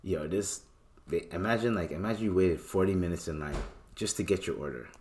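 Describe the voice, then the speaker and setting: A young man with a Toronto accent, hosting a podcast, ranting in a casual, profane storytelling style with sudden loud outbursts. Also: low-pitched, fairly quick, a little hiss or hum. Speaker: podcast host.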